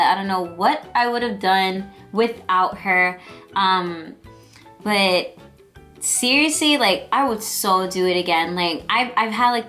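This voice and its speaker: A woman's voice: mid-range voice, fairly bright tone. A young woman telling her birth story as a vlogger, chatty and emotional, with lots of fillers. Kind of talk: personal storytelling vlog.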